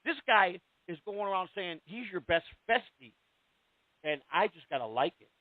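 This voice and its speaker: A man's voice: high-pitched, animated, normal speed, dry recording. Profane rambling man on a tinny line. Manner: profane, rambling and heated, with many restarts. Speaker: radio show host. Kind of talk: casual call-in radio talk. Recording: tinny, dry phone-line sound.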